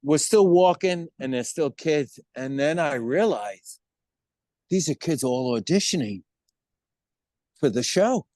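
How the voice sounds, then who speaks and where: Older guy in his 70s, lively musician telling old stories, a bit high pitched, dry close sound. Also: takes it slowly, pauses often, no room sound. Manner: animated storyteller, acts out quoted voices. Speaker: musician guest. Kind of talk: storytelling interview.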